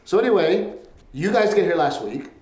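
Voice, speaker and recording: A man's voice: sits high, animated, normal speed, darkish tone. Laughing man telling stories, roomy sound. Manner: laughing, swearing storyteller, quotes his wife. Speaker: podcast co-host. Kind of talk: casual chat. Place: home studio.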